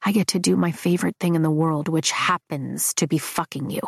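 A woman voicing a brooding young man, speaking low and slow in hushed tones in an audiobook. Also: creaky, breathy edge, no room sound, clean studio sound, exaggerated voice. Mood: teasing. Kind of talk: audiobook dialogue.

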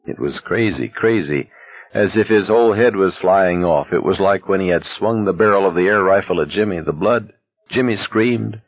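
A man narrating an audiobook in an expressive, dramatic reading. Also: sits low, normal speed, no room sound, muffled recording.

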